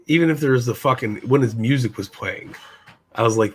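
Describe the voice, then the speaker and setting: A man co-hosting a casual wrestling podcast, excitable and profane, acting out what people said. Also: medium pitch, a little fast, a little hiss or hum. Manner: excitable, profane, acts out quotes. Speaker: podcast co-host.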